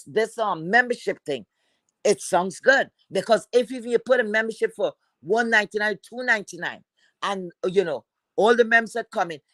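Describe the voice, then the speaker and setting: A woman's voice: medium pitch, a bit bright, no room sound. Heated, profane woman ranting on livestream. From Philadelphia. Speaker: livestream host.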